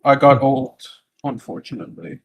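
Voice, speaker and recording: A man putting on a monotone, deadpan old adventurer. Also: medium pitch, moderate pace, lightly acted. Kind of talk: tabletop role-play.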